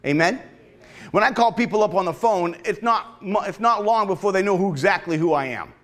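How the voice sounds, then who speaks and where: This pastor's voice is high and fairly bright, moving at a moderate pace as he preaches in a church sanctuary. Speaking with a regional accent, he keeps the sermon conversational and draws call-and-response replies from the congregation.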